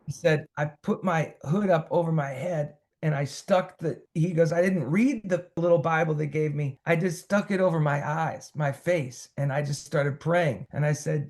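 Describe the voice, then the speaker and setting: A singer-songwriter man telling a long, animated story in a conversational podcast interview. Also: on the high side, moderate pace, few pauses. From United States. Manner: animated storyteller, quoting others in his own voice.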